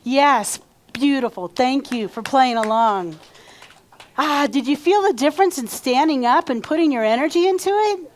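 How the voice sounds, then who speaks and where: High-voiced woman minister preaching. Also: animated, normal speed. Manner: conversational, leads call-and-response affirmations. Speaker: reverend. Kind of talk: sermon. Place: church sanctuary.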